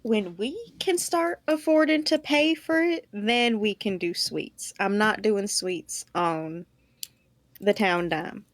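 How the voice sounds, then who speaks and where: A woman's voice: medium pitch, takes it slowly, no room sound. A woman playing a tabletop game, speaking in a practical, matter-of-fact way. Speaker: player. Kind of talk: casual tabletop game talk.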